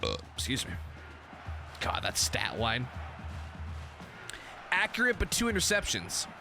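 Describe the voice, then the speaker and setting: A young man streaming a football video game, commentating the plays in a casual, excitable and profane way, often breaking into shouts. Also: mid-range voice, measured pace, creaky, music in the background.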